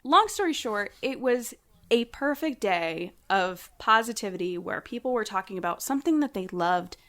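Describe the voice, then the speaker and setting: A woman guest on a casual podcast, telling a story with animated energy and acting out quotes in a raised voice. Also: mid-range voice, moderate pace.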